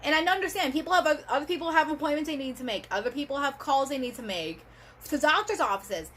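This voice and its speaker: A woman vlogging in a casual, rambling way, piling on fillers as she talks to her camera. Her voice sits high and light. It sounds like an ordinary home video recorded on the camera's own mic. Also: expressive, fast talker, fairly bright tone. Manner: chatty and rambling, full of fillers. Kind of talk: casual vlog monologue.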